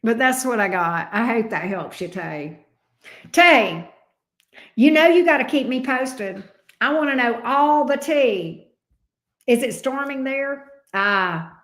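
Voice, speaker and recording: A woman's voice: fairly high pitch, expressive, takes it slowly, fairly bright tone, roomy sound. A woman with a Southern US accent, a tarot reader chatting casually with viewers on a livestream, laughing often and swearing freely. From coastal Alabama, US.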